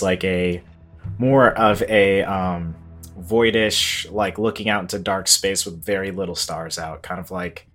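Low-voiced man, halting player. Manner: halting, many fillers and likes. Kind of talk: introducing his character.

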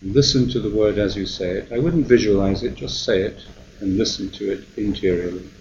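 A man who is a monk and meditation teacher gives a guided meditation talk, speaking calmly and gently with slow pauses. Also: on the low side, lo-fi sound, a little hiss or hum.

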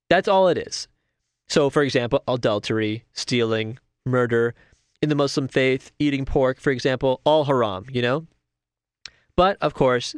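A man with a smooth, clear voice talks through a film review in a loose, rambling way. He is wry and sarcastic and keeps breaking off to restart his sentences. The recording is dry and close, with no room echo. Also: medium pitch. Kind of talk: casual spoken film review.

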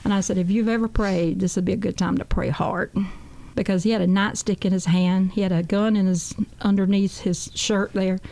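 This talk show guest is a woman with a warm, mid-range voice, fairly even intonation, and some vocal fry, speaking briskly. She gives her testimony in an earnest, folksy manner, often saying "I said."

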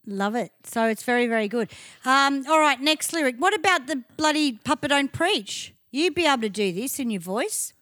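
An Australian man co-hosting a casual podcast, sweary and playful as he tells stories. His voice sits very high, recorded close and dry. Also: animated, normal speed, dry recording. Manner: loud, sweary, playful storyteller. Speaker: podcast co-host. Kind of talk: casual banter.

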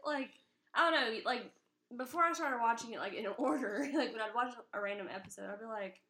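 A woman's voice: a little high, a little fast, sharp tone. A young woman co-hosting a podcast, talking hesitantly with many fillers and small laughs. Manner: hesitant, giggly, filler-heavy. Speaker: podcast co-host. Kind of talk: casual chat.

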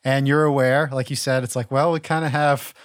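A man's voice: mid-range voice, fairly even intonation, a little fast, no echo, studio quality. A man co-hosting a podcast, chatting casually and rambling through his thoughts with fillers and restarts. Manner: rambling, many restarts and fillers, laughs along. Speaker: podcast co-host. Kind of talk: casual interview chat.

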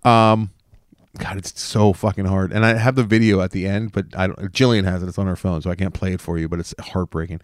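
A man in casual podcast chat, telling a story in lively fashion, acting out the people he quotes and swearing freely. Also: low-pitched, a little fast, clear, resonant tone, no echo, clean studio sound. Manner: animated storyteller who acts out the people he quotes.

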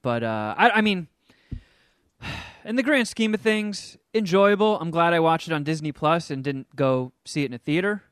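A man co-hosting a casual podcast, telling a film's story with animated energy and now and then hamming up silly voices. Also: on the high side, normal speed, smooth, dry recording, clean studio sound. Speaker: podcast co-host reviewing a film. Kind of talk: casual chat.

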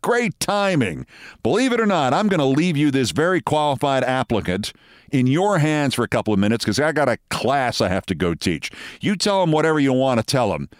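Genial college dean, smooth salesman patter, pitched up, as a male narrator puts him on. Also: sing-song, fairly quick, no echo, studio quality, natural voice.

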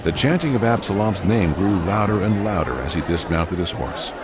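Deep-voiced male drama narrator. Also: lively intonation, moderate pace, background noise. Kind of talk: scripted audio drama narration.

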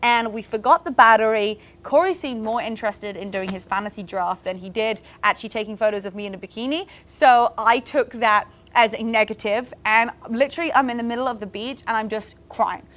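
Chatty, encouraging woman podcaster with a higher voice. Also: brisk, few pauses, fairly bright tone. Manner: chatty and candid, many "like" fillers; encouraging, speaks to listeners directly. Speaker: podcast host. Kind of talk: casual motivational podcast talk.

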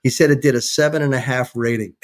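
A middle-aged man at medium pitch, telling a long story in a relaxed podcast chat. He acts out both sides of each quoted exchange with lively energy. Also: fast. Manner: animated anecdote-telling, acts out quoted dialogue. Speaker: sports television executive, guest. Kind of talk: casual storytelling in a podcast interview.

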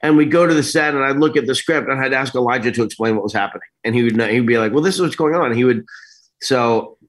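A middle-aged man telling stories as an interview guest, in an animated, rambling way that keeps breaking off and restarting. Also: mid-range voice, fast. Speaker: actor guest. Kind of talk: casual interview storytelling.

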